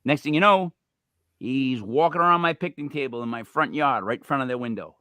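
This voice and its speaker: A man co-hosting a podcast, telling a rambling story with animated, voiced quotes. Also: mid-range voice, fairly quick, no room sound. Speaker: podcast co-host. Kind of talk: storytelling banter.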